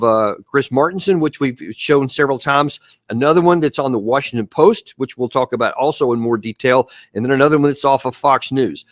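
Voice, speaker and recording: A man's voice: medium pitch, no echo. A man talks viewers through video clips, pressing each point with emphasis and coaching them on what to listen for. His voice sits mid-range and sounds close and dry, with no room around it. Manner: emphatic, walks viewers step by step. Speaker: show host and commentator. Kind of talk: live commentary on video clips.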